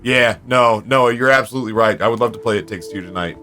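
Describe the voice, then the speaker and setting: A man streaming a game from home, telling stories to his viewers in an animated, foul-mouthed, casual way. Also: lowish voice, fast, slight background noise. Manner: animated storyteller, swears freely. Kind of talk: casual chat with viewers while gaming.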